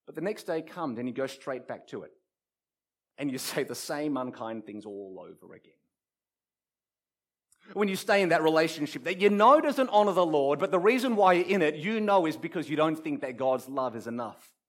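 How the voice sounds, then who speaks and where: A man preaching a sermon, telling stories dramatically and building up repeated phrases, shifting from quiet to loud. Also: fairly high pitch, expressive, normal speed. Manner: dramatic storytelling with wide swings from soft to loud; repetitive rhetorical build-ups.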